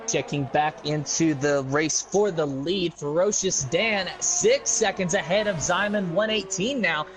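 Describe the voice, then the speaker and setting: A man with a notably high voice delivers rapid play-by-play of a virtual race. He reads out lap times and incidents briskly. Clear music plays beneath his commentary. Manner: fast play-by-play calls. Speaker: sim racing lead commentator. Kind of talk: live esports race commentary.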